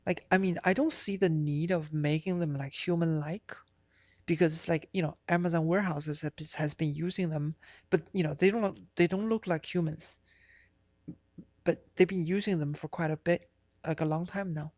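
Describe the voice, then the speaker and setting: Woman streamer, low voice, dry sound, casual rambling chat, swears a lot. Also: steady tone, normal speed, darkish tone, no echo. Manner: rambling, profane, many fillers and restarts.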